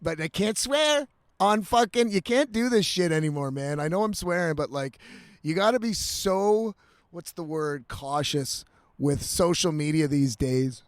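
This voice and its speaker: A man with a fairly high voice rants and curses through a casual vlog, slightly tipsy and animated. The sound is dry and close, with no room echo. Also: measured pace. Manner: profane, animated ranting with laughs. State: slightly intoxicated. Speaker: vlogger.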